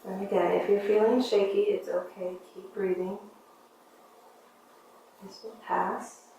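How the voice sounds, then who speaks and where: A woman teaching a yoga class, giving gentle, encouraging step-by-step cues for breath and movement. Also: mid-range voice, flat delivery, measured pace, a little hiss or hum. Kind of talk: guided yoga class instruction. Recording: very echoey room, mic at a distance.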